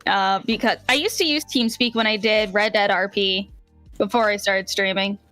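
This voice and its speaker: A wry, chatty woman co-hosting a podcast over a call. Her voice is bright, with faint music behind her. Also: medium pitch, steady tone, normal speed. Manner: chatty, wry, trailing fillers. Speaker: podcast co-host. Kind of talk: casual chat.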